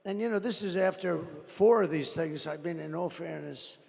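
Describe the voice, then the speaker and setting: Gravelly, high-pitched older man at a rally. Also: normal speed, a little mellow. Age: 70s. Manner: rambling, boastful, combative. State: strained throat from shouting. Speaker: presidential candidate. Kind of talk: off-the-cuff campaign rally speech. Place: large indoor rally venue. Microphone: podium microphone. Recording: echoey arena with faint crowd.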